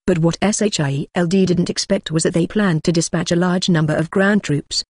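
An audiobook narrator reading a translated web novel, keeping one steady, even delivery through narration and dialogue. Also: medium pitch, fairly quick, no echo, clean studio sound.

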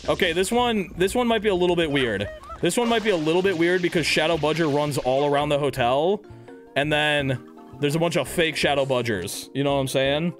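Excitable young man streaming a game. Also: fairly high pitch, moderate pace, soft background music. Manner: excitable, crude, jumps to loud shouts; reads chat aloud and jokes with viewers. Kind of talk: live gaming stream chatter.

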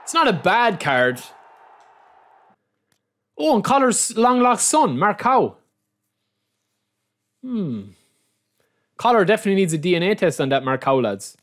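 A man with an Irish accent giving live-streamed gaming commentary, excitable and repeating phrases while he talks to his viewers as lads. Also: high voice, measured pace, long pauses. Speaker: gaming YouTuber opening card packs.

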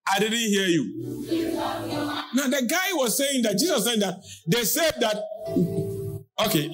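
A Ghanaian man preaching a sermon as pastor, shouting out lines and calling on the congregation to answer. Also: sits high.

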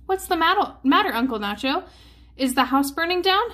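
A woman's voice: high voice, lively intonation, fairly quick. A woman voicing a cheerful young girl, an eager and caring niece, in a storybook read-aloud. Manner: bright and eager, calling out.

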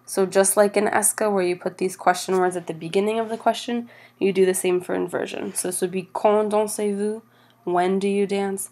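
A woman teaching French grammar over slides, patient and steady, slowing down for each example phrase. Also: medium pitch.

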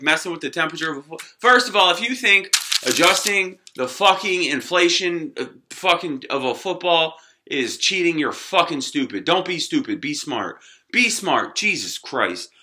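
Bright, high-voiced man ranting about sports. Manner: swings between shouting and low muttering; heavy swearing, streetwise slang. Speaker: sports vlogger. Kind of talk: profane sports rant to camera.

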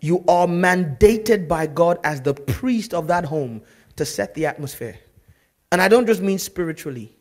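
A man preaching a sermon as pastor, telling stories in a lively way that swings from loud to hushed. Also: high voice, unhurried.

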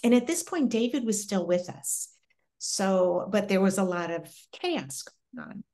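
A middle-aged woman speaking as an interview guest, telling a personal story in an earnest, reflective way with pauses and restarts. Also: medium pitch, very animated, warm tone.

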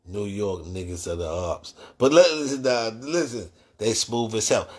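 A man with a Boston accent hosting a live call-in talk show, laid-back when asking questions and profane and excitable in loud, high bursts. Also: moderate pace, hardly any pauses, breathy edge. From Boston area. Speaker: host.

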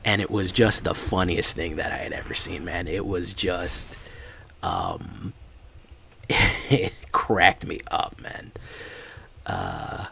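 Low-pitched, slow and creaky yet expressive, this man's voice carries a relaxed card-game stream full of rambling chatter, fillers and laughter. The recording has a faint hiss of background noise.

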